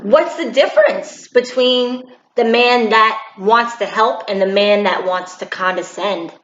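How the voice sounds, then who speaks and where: A woman giving a preachy, animated opinion monologue for her vlog, in a dull, roomy home recording. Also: a little high, a little slow. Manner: preachy, animated, acts out quotes. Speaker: commentary vlogger.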